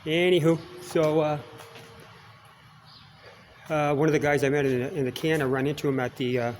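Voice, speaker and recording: A man's voice: a little high, steady tone, normal speed, a little mellow, a little hiss or hum. A Canadian man in his sixties telling rambling personal stories in a folksy manner, chuckling as he goes. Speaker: vlogger.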